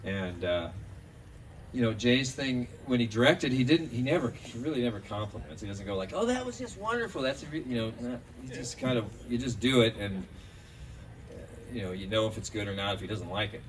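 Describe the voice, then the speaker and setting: A man's voice: fairly low pitch, a little fast. A man giving a rambling, anecdotal memorial tribute outdoors, full of fillers. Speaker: speaker at a memorial. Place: outdoors in a park. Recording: distant mic outdoors, faint background noise.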